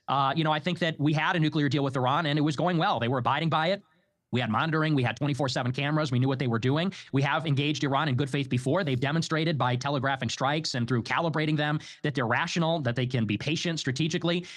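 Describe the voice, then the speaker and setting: Young man in his twenties, measured debater, quick pace. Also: on the high side, fairly bright tone. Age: 20s. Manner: measured, policy-focused argument. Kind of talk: debate argument.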